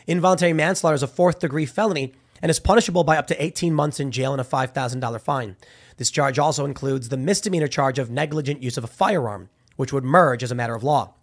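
A man giving casual, argumentative opinion commentary with a slangy, animated way of talking. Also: a little high.

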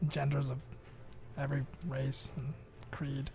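A woman's voice: very deep voice, monotone, a little slow, dark tone. A woman playing a tabletop game character, playful and teasing. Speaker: player. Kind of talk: tabletop role-play.

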